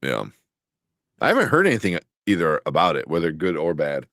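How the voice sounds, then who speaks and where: Low-voiced, animated man in casual chat. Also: brisk, no echo, studio quality. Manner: animated, laughs often, restarts his sentences. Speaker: co-host.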